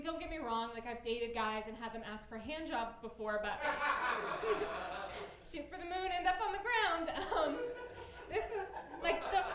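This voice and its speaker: A woman in her late twenties performing a stand-up comedy set, self-deprecating and given to loud excited bursts. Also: high-pitched, slight background noise. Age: late 20s. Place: comedy club stage before a live audience. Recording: roomy club sound, audience laughter.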